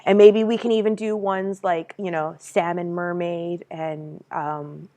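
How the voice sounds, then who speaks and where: Animated, rambling woman streamer. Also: on the low side, measured pace. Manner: animated, rambling, swears freely, laughs often. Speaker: streamer co-host. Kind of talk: casual stream chat.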